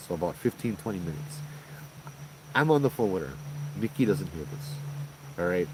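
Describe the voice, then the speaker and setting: Man, low pitch, casual ghost-story telling, chatty, faint crickets behind. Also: normal speed, pauses often, background noise. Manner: animated, conversational retelling with frequent "you know" and "right?". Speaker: paranormal storyteller host.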